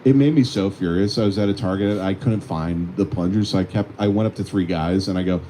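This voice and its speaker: A man's voice: low voice, brisk, slight background noise. A man co-hosting a casual comedic chat, telling stories with lots of acted-out quotes. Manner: animated storytelling, acts out quoted voices. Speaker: podcast co-host.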